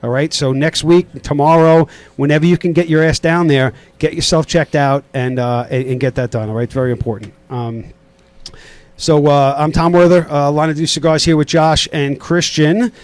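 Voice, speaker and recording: A middle-aged man with a New York accent hosts a casual studio interview. His voice sits a bit high for a man, and he rambles through fillers and false starts as he talks. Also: steady tone, moderate pace, darkish tone, dry recording. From Queens, New York. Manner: rambling, many fillers and restarts. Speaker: podcast host.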